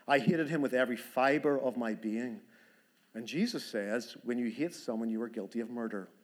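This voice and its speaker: A man voicing an elderly woman camp survivor, telling her story in a steady, solemn first person. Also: mid-range voice, moderate pace, lightly acted. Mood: grave.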